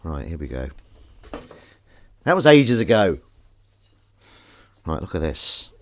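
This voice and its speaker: A man's voice: low voice, sing-song, slow, slight background noise. A man chatting casually while he does the washing up, rambling, jokey and self-mocking, with the odd swear word. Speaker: host doing the washing up on a live stream.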